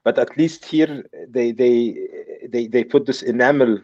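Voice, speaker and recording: A man's voice: medium pitch, a little slow, darkish tone, no echo. A man chatting on a casual watch live stream, hesitant and searching for words, on dull dry stream audio. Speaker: watch show co-host.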